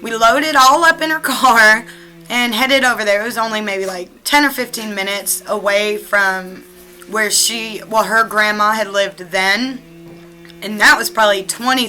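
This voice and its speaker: A woman's voice: mid-range voice, moderate pace, sharp tone, soft background music, low-quality recording. A young woman vlogger telling a storytime to her camera at home, chatty and profane, with lots of "like".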